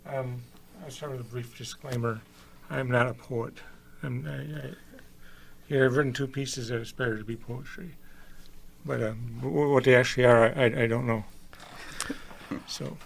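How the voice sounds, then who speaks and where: A man with a gravelly, mid-pitched voice reads his poem on the radio. His delivery stays level with little rise and fall, and he stumbles over words before he settles into the reading. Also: moderate pace, long pauses, slight background noise. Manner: hesitant in talk, steady in reading. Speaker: guest writer.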